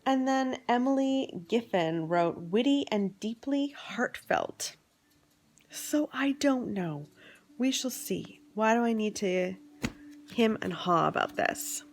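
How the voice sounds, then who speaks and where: A woman from Canada chatting at home at night for her vlog, drifting between soft whispers and bright exclamations. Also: a little high, animated, slow pace. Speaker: vlogger. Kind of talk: casual chat.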